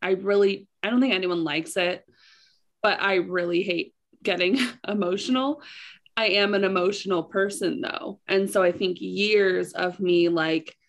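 A woman's voice: medium pitch, fairly even intonation, unhurried. A young adult woman co-hosting a podcast, chatting candidly with lots of "like" fillers. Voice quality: gravelly vocal fry. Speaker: podcast co-host. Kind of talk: casual chat.

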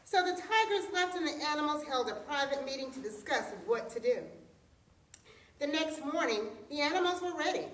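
A woman telling a folktale aloud as storyteller, expressive in delivery. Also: high-pitched, moderate pace. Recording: roomy echo, distant mic.

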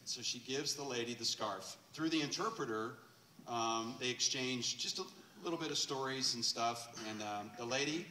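A man preaching a sermon in a church and telling a story in a loose, chatty way, with fillers and quick laughs. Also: medium pitch, pushed and bright, slight background noise. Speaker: pastor. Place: church sanctuary. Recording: echoey church room, distant mic.

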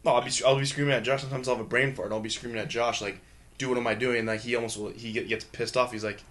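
A young man and pro football lineman telling casual stories, with loose rapid talk, laughter and offhand swearing. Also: medium pitch, little pitch movement, fairly bright tone. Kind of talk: casual storytelling.

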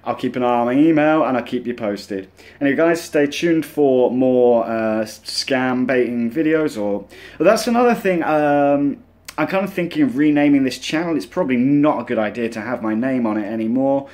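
Brief: scam-baiting vlogger man, medium pitch, casual and rambling. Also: moderate pace, a little mellow. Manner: chatty and rambling, many uh and um fillers. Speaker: scam-baiting channel host. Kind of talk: casual vlog talk to camera.

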